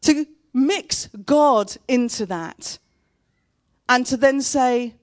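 A woman, preaching a sermon in an earnest, heartfelt way and pausing between phrases. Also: high-pitched, dry recording, clean studio sound. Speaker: pastor. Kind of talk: sermon with personal story.

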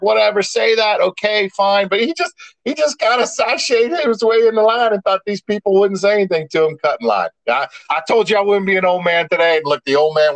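A man's voice: high-pitched, dry recording, rough recording. Middle-aged guy cohosting a podcast, tells stories and gets worked up, dry close sound. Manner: animated storyteller, rising excitement. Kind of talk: casual chat, storytelling.

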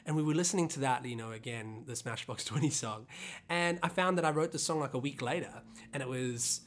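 A singer-songwriter hosting a podcast, casually telling the story behind a song, rambling with many fillers and restarts, the voice leaping up in pitch when reliving anger. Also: fairly quick.

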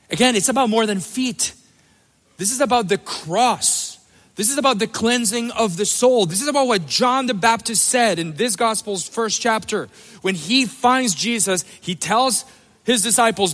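A man's voice: high voice, expressive, normal speed, a bit bright, long reverb tail. A male pastor giving an emphatic sermon with playful asides, in a church sanctuary.

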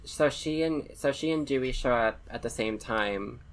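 A man co-hosting a podcast, discussing films in a measured, analytical way and often pausing on fillers. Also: mid-range voice. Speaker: podcast co-host. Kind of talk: casual film discussion.

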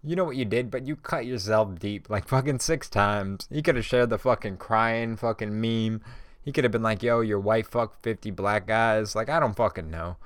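A man's voice: lowish voice, animated, normal speed, no room sound, clean studio sound. A stoned man hosting a podcast, ranting on his own in a profane, rambling way. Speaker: podcast host. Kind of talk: casual solo rant.

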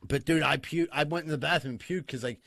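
A man telling a wild story in casual podcast chat, cursing often, laughing and talking excitedly. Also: a little high, fast talker, creaky, dry recording. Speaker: podcast co-host.

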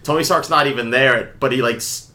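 A young man co-hosting a casual comic book podcast, retelling the plot with lively acted-out lines. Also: mid-range voice, a little fast. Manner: animated retelling, acting out characters' lines. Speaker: podcast co-host.

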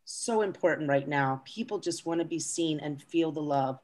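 A woman's voice: deep voice, moderate pace, a little mellow. A woman in a casual spiritual chat, earnest and gushing with enthusiasm.

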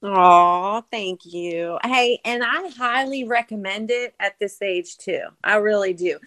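Woman, thirties, podcast guest, casual chat, friendly, mid pitch, dry sound. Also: slow, dry recording. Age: 30s. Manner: warm, chatty, says y'all.

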